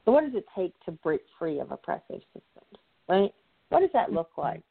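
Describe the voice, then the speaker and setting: A woman's voice: on the low side, big pitch swings, normal speed, gravelly, breathy edge. A woman facilitator talking through a conversational discussion, stressing her points by repeating key phrases. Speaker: guest, nonprofit consultant and facilitator. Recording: tinny phone-like line.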